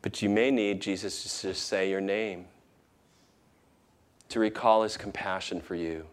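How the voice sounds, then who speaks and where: A man preaches from the pulpit in a fairly low voice. He swings between raised, emphatic passages and tender, near-whispered pleas. The sermon is delivered in a church. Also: steady tone, unhurried. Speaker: pastor.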